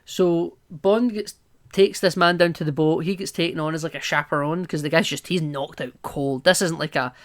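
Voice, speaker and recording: This man co-hosts a podcast with a slightly high voice, fairly even intonation, and normal speed. His casual film-review chat rambles and stays playful, with many asides.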